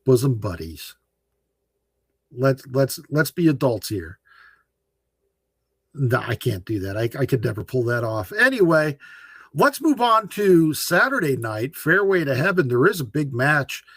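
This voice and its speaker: A man hosting a casual round-table chat about wrestling, animated and joking, laughing often. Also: medium pitch, unhurried, slightly rough, no echo, clean studio sound. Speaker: podcast host.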